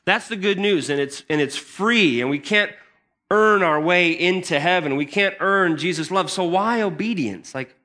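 High, bright-voiced man preaching a sermon. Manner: conversational and emphatic, with many repeated starts and a rising, excited delivery. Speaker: pastor.

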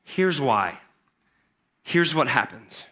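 A pastor preaching a sermon in a conversational, emphatic way. He often restarts his phrases and builds into excited bursts. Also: medium pitch, slow. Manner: conversational and emphatic, with many repeated starts and a rising, excited delivery.

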